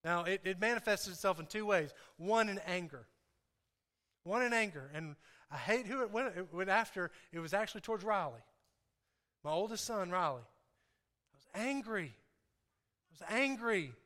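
A man with a high, bright, clear voice delivers a sermon to his congregation. He speaks earnestly and confessionally, leaning on repetition to drive his points home. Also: expressive, moderate pace, long pauses. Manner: earnest, repeats phrases for emphasis; confessional, talks straight to the congregation. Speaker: pastor.

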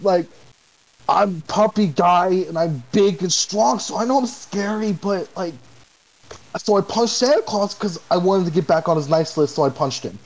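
High-voiced man playing a goofy brute. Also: low-quality recording. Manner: goofy, simple-minded in-character talk. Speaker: player.

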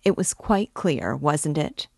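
A woman's voice: deep voice, expressive, slow, creaky, a little mellow, no echo, studio quality, full character voice. A woman voicing a feverish, irritable young male student who taunts with sardonic mockery. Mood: taunting.

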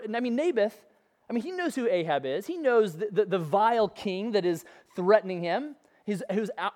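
Lively, chatty preacher telling a story. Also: medium pitch. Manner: conversational storytelling with playful asides. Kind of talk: sermon.

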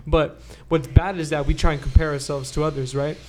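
A man's voice: on the high side, steady tone, fairly quick, a little mellow, slight background noise. A young man co-hosting a faith podcast, talking earnestly and often tagging "right?" onto his points. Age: young adult. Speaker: podcast co-host. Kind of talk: casual faith discussion.

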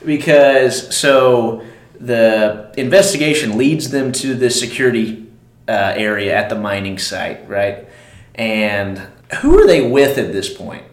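A man's voice: medium pitch, expressive, takes it slowly. A laid-back man with a mid-range voice chats about movies, slipping in casual slang as he goes. The room around him is echoey, and it gives his voice a roomy sound. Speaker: podcast co-host. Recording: roomy echo.

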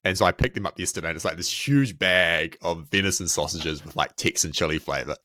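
Deep-voiced New Zealand man, chatty. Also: fairly quick, pushed and bright, dry recording. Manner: loose and rambling, with many fillers. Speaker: podcast co-host. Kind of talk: casual chat.

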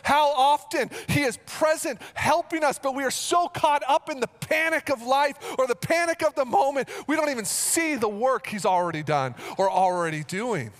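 A male pastor preaching a sermon in an earnest way, repeating phrases as he goes and rising into animated storytelling. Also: very high-pitched, normal speed, few pauses.

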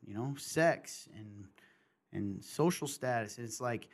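A man's voice: mid-range voice, animated, a little slow. A middle-aged man hosting a podcast, talking candidly and passionately in casual chat, in bursts and restarts. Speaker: podcast host.

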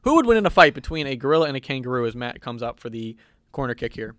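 A man's voice: mid-range voice, very animated, fast, a bit bright, clear, resonant tone, no room sound. A young man doing playful mock sports commentary on a football video game, in a mock-serious broadcaster tone with fillers.

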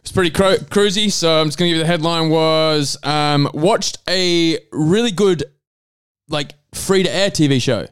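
A man's voice: fairly high pitch, normal speed, fairly bright tone, clear, resonant tone, no room sound, studio quality. A young man co-hosting a casual podcast, joking around and laughing often as he tells stories about his weekend. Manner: jokey, laughs often, drifts into silly accents. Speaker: podcast co-host. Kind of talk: casual banter.

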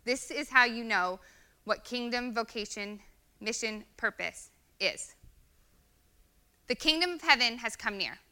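A woman's voice: on the high side, expressive, unhurried, pauses often, sharp tone, smooth. A woman in her thirties giving an earnest, conversational sermon with many fillers. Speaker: guest speaker.

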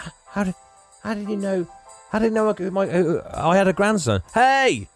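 A man voicing a brash, sharp-tongued barmaid who shouts in a high voice. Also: animated, normal speed, faint music behind. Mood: puzzled. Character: brash English barmaid, middle-aged woman, sharp-tongued.

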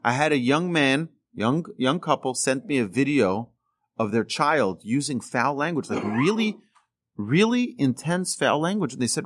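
Animated man teaching as a rabbi. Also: mid-range voice, moderate pace. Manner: animated, emphatic, voice jumps up on key words; repeats and restarts phrases as he speaks. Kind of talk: teaching talk on speech and ethics.

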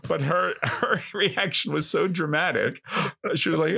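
A man in his fifties, a guest telling a funny story from his youth in a casual, animated, self-mocking way, filling his speech with "like" and "you know". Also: a little high, fairly quick, gravelly, slightly rough. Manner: animated, self-mocking, heavy use of filler words.

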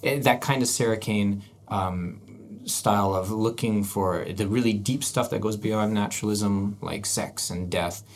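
A man's voice: fairly low pitch, a little hiss or hum. A man hosting an arts podcast, chatting casually and thinking aloud with frequent restarts. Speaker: podcast host. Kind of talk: casual chat.

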